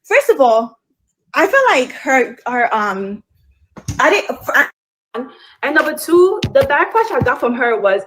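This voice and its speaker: A woman calling in to a dating show, insistent and defensive, rushing her words in bursts with restarts. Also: high voice, sing-song, fairly bright tone, roomy sound, slight background noise. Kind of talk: defensive live-stream call.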